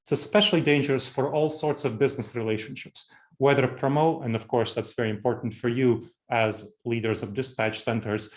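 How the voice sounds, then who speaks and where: A man's voice: medium pitch, fairly even intonation, fairly quick. A man in his forties from Moldova with an Eastern European accent, giving a conversational leadership presentation and repeating key phrases for emphasis. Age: 40s. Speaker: keynote speaker.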